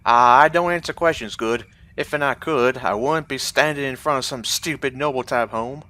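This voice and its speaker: Man voicing a surly, dim thug guard; loud, gruff, raised pitch. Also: moderate pace, natural voice. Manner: gruff, ungrammatical street talk.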